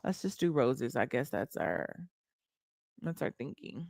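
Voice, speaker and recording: A woman's voice: rumbling low, big pitch swings, a little slow, creaky, a little mellow, dry recording, clean studio sound. A woman, livestreaming and chatting bluntly and mockingly to her viewers. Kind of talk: casual livestream chat.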